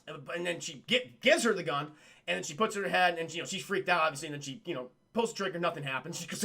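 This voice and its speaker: A man's voice: high-pitched, quick pace, pushed and bright. A young man livestreaming a casual spoiler recap of a film, rambling and swearing as he keeps talking to his chat.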